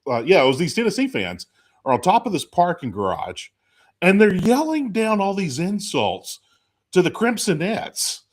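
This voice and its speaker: A man hosting a casual chat, telling a lively story and acting out quotes. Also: sits high, moderate pace. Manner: animated storyteller, acts out quotes. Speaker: podcast host.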